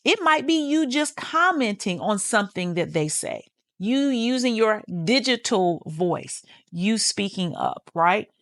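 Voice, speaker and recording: Woman, healing-podcast host, casual and blunt, curses freely, mid pitch, dry close mic. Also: big pitch swings, a little slow, dry recording. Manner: candid and swearing, direct to listener. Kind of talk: casual motivational talk.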